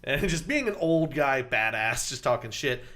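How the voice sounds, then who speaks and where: A man's voice: medium pitch, lively intonation, moderate pace, bright, forceful tone. A young man co-hosting a podcast, talking bluntly and swearing in casual banter. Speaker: podcast co-host. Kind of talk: casual chat.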